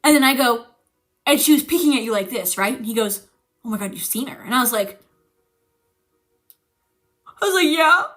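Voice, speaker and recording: A young woman streamer telling a frightening story in casual chat, animated and swearing, teary-eyed as she talks. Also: fairly high pitch, normal speed, long pauses. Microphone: streaming mic.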